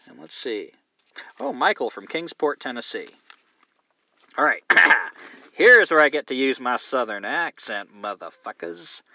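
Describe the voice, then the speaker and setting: A man's voice: mid-range voice, sing-song, a little slow, bright, forceful tone, dry recording, lo-fi sound. A man hosting a podcast, reading listener mail and chatting in a candid, meandering, profane way. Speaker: podcast host.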